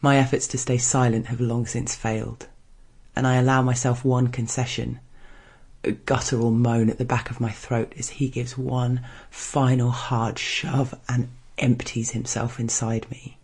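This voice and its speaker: A man narrates an erotic first-person story in a hushed, measured way. His voice is gravelly with a husky edge, and his pitch stays flat and even. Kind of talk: scripted erotic story reading.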